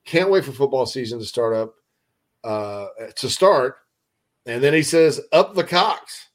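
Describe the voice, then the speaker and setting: This is a man hosting a relaxed sports talk show. He rambles, cracks jokes and fills his talk with "uh" and restarts. His pitch sits in a middle range for a man. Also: measured pace. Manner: rambling, jokey, many fillers and restarts. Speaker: sports radio host.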